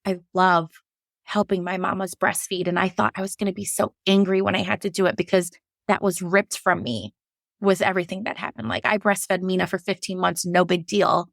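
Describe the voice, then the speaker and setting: A woman's voice: fairly low pitch, brisk, vocal fry, dry recording, studio quality. A woman, a labor and delivery nurse, tells her own story frankly and emotionally, with many restarts. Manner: slips into animated voices when quoting herself. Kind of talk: candid personal storytelling.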